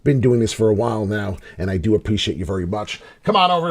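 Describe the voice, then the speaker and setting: Brash New man, crypto video host, swings his pitch all over while he rambles and swears. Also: sing-song, fast talker, few pauses. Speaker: crypto trading YouTuber. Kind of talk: casual market commentary. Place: at home.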